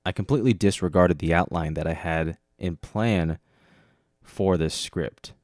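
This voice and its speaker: Deep-voiced guy rambling on his podcast, kinda tired, roasting himself, super dry sound. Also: a little slow, darkish tone, no room sound. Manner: rambling and self-mocking. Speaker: podcast host. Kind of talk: casual solo monologue.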